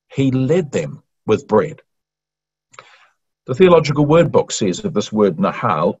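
A man preaching an earnest expository sermon, rising to emphatic questions and then slowing into soft, quiet phrases. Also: medium pitch, breathy edge. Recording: muffled lo-fi recording.

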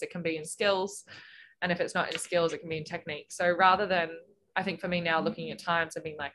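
Animated young woman telling stories. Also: fairly low pitch. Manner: animated storyteller, acts out quotes, laughs often. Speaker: guest swimmer. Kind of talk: casual interview chat.

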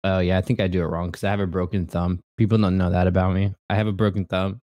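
A young man co-hosting a casual chat podcast, rambling with restarts and quick laughs. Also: low-pitched, little pitch movement, a little mellow, no room sound, clean studio sound. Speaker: podcast co-host.

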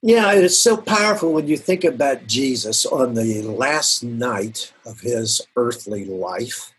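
A middle-aged man speaking as a guest pastor in an earnest, reflective faith conversation, often laughing softly and repeating words. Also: medium pitch, expressive, a little slow, a little hiss or hum.

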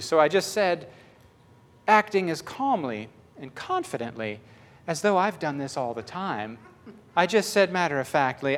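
Animated man preaching with stories. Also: fairly high pitch, moderate pace. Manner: animated, chatty, laughs often, lively acted quotes. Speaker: pastor. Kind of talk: casual sermon with storytelling.

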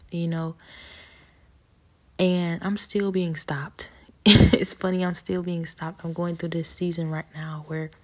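A young woman giving a personal faith testimony in a soft, whispery, halting way, with many fillers and restarts. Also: deep voice, breathy edge.

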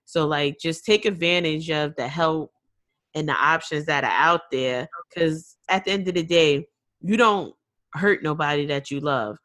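A woman's voice: low-pitched, unhurried, fairly bright tone, dry recording. A woman co-hosts a casual podcast, giving earnest advice in a frank way, with casual swearing. Her voice sits mid-range and sounds dry and close, with no room around it. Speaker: podcast co-host.

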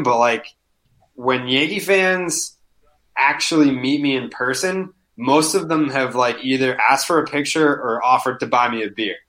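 A man chatting casually as a podcast guest, telling animated stories, swearing freely and saying "like" constantly. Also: medium pitch. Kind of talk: casual chat, storytelling.

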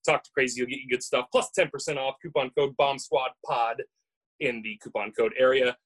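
Husky, playful man on a podcast. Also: mid-range voice, fairly even intonation, brisk, poor audio. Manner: playful, teasing, stammers on restarts. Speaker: podcast co-host. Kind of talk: casual podcast chat.

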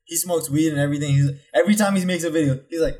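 Excitable man saying "yo" a lot. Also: fairly high pitch, very fast. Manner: excitable, repeats "yo". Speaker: podcast co-host. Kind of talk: casual podcast banter.

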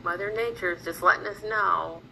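A woman's voice: medium pitch, moderate pace, creaky, bright, forceful tone, a little hiss or hum, low-quality recording. A woman from Ohio co-hosting a podcast, chatting casually in an easygoing, agreeable way. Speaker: podcast co-host.

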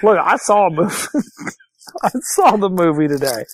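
A man's voice: sits high, big pitch swings, normal speed, no echo. A man hosting a podcast in casual chat, with a playful, rambling, jokey manner. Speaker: podcast host.

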